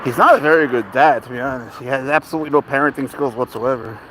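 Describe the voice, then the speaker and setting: A pet vlogger walks his cat outside near a cemetery, talking casually to the camera and chatting with the cat like it's his buddy. His voice is mid-range, quick, and a bit bright, with slight background noise.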